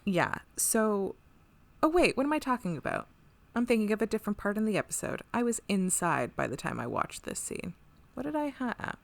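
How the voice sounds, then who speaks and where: A woman's voice: medium pitch, sing-song, a little fast, vocal fry. A woman co-hosting a podcast, chatting casually through an episode recap, rambling, laughing often and swearing freely. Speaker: podcast co-host.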